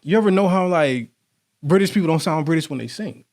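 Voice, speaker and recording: A man co-hosting a podcast in casual chat, animated and rambling, often restarting his sentences. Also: a little high, fairly quick. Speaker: podcast co-host.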